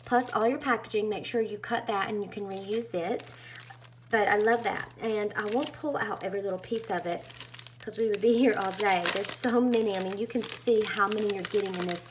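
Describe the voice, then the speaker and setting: A woman's voice: medium pitch, fairly quick, slight background noise. A woman chatting casually as she unboxes a craft kit, gushing and full of fillers. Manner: bubbly and gushing, with many fillers. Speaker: craft vlogger.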